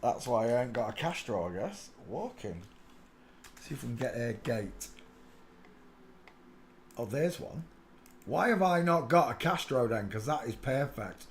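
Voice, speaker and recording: A man's voice: unhurried, pauses often, a little hiss or hum. A man hosting a live stream, giving casual, mocking running commentary on pictures and greeting viewers by name. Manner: excitable, breaks into loud high laughter. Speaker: livestream host.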